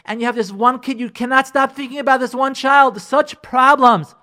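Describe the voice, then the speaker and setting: A man's voice: very high voice, moderate pace, sharp tone. A man teaching a radio class as a rabbi, emphatic and repetitive, sprinkling in Hebrew and Yiddish terms. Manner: acts out listeners' imagined voices. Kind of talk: radio Torah class on marriage.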